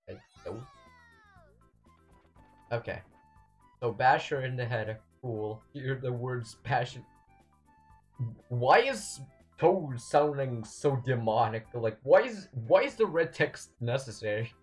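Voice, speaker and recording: A young man commentating his own gameplay, excitable, swinging between yelling and muttering at the game. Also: medium pitch, slow pace, long pauses, faint music behind. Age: young adult. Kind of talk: let's play commentary.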